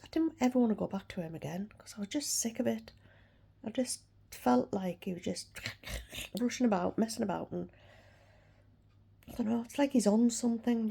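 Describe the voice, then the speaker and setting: A gravelly, mellow-toned woman chats frankly into a phone camera at home. She talks to her viewers in a candid, ranting way, her voice sitting slightly high with plenty of fry. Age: 60s. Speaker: vlogger. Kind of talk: casual chat to camera.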